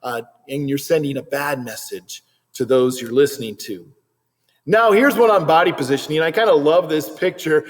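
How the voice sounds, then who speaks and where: A man giving a Christian video lesson on body language in a lively, animated way, now and then acting out short quoted voices. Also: on the high side, moderate pace, in a large hall. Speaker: Christian teacher.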